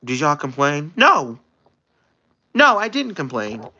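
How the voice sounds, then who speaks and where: Bright, gravelly young man ranting. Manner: animated, exasperated retelling with quick pitch jumps. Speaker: livestreamer. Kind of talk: casual storytelling chat. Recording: dull lo-fi stream audio.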